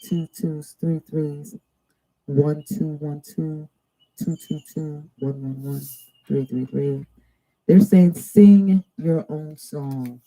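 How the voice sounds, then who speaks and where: Woman tarot reader hosting a live stream, very dark mellow tone, slow drawn-out card messages with chatty asides. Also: low-pitched, poor audio. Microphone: two cameras.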